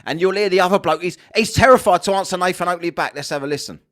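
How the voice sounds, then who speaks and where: A man's voice: high voice, fast talker, a bit bright. A man reacting to clips, swearing and mocking. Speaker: podcast host. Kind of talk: reaction commentary.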